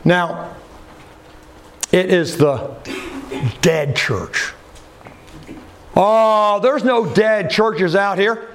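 A man preaching with a high voice, unhurried and deliberate. He asks the congregation questions and lands his points with falling phrase endings. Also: expressive, slight background noise. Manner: drops pitch sharply at the ends of phrases. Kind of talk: sermon.

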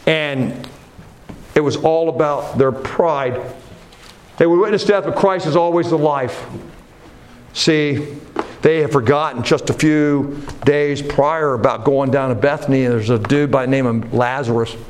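A man preaching a sermon, moving from low earnest talk to loud rising exhortation. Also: a little slow, a little hiss or hum. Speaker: pastor.

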